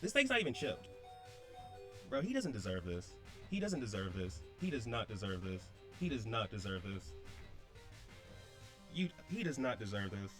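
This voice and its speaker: A man's voice: lowish voice, big pitch swings, moderate pace, pauses often, over music. A young man giving blunt, slangy commentary on his own game, repeating himself a lot. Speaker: draft league player. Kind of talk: casual gameplay commentary.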